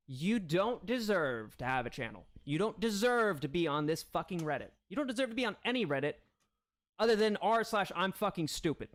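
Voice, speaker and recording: A man hosting a livestream, launching into a profane, confrontational rant. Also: sits high. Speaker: livestream host. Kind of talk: profane ranting livestream commentary.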